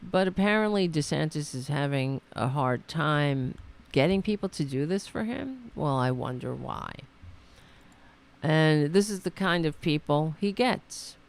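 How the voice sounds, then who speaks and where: A woman's voice: sits low, lively intonation, measured pace. A woman hosting a political commentary show, talking in a sarcastic, mocking and rambling way, with many restarts. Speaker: host. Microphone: computer mic on a call setup.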